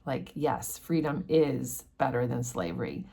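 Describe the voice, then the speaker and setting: A woman's voice: extremely low pitch, expressive, unhurried, gravelly, mellow. A woman hosting a casual book discussion, explaining a chapter in a chatty way with many fillers. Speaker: book study host.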